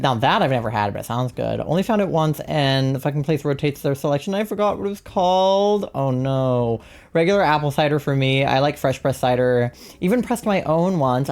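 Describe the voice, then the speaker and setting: A woman's voice: a bass voice, darkish tone. A woman streaming a game live, chatting casually and rambling as she reads out chat messages. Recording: faint music behind.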